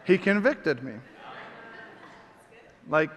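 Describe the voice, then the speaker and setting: A middle-aged man preaching, telling a story with lively acted-out outbursts. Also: high voice, moderate pace, in a large hall. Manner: animated storyteller, acts out shouts. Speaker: pastor. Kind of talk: sermon storytelling.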